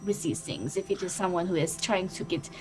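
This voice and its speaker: A woman's voice: fairly low pitch, expressive, lightly acted. A woman voicing a polite young noblewoman who speaks formally and hesitantly, unsure of her newly found magic. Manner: hesitant, formal, many pauses.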